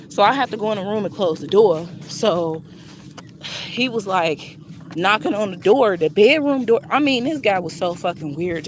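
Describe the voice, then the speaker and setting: A woman telling a personal story to her viewers in a casual, blunt and profane way, with lively swings in her voice. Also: mid-range voice, a little hiss or hum.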